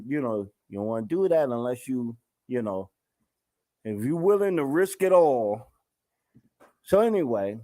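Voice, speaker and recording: Animated slangy male talk-show host. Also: on the high side. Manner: animated, slangy, talks straight to viewers. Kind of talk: casual talk-show monologue.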